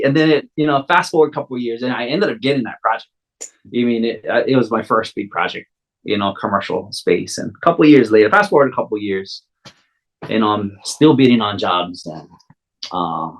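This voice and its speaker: A man's voice: fairly low pitch, brisk, low-quality recording. A man in his forties with a Hawaiian accent, telling a personal story in casual, rambling talk full of "you know" fillers.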